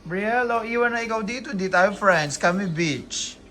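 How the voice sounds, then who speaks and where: A woman's voice: mid-range voice, normal speed, a bit bright. A woman with a Filipino accent playfully interviewing children, teasing and coaxing them in a mix of English and Tagalog.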